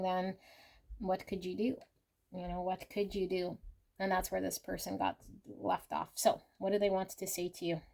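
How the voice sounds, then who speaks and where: A woman's voice: fairly low pitch, creaky, darkish tone. A woman reading tarot and oracle cards for viewers, naming each card with effusive, breathless reactions.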